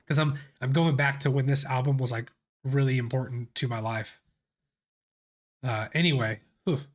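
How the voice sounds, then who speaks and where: A man in his thirties with a sick voice, hosting a casual music reaction and thinking aloud with many restarts. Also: medium pitch. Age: 30s.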